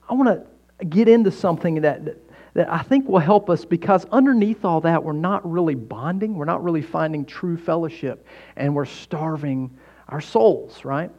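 A man's voice: fairly high pitch, a little mellow. A man preaching a sermon in a folksy, joking manner, often checking in with "right?". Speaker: pastor.

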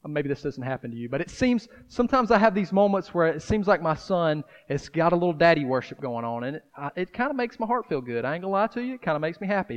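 A man's voice: fairly high pitch, highs cut off. A man preaching a sermon in a conversational style, breaking into dramatic acted asides. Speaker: pastor.

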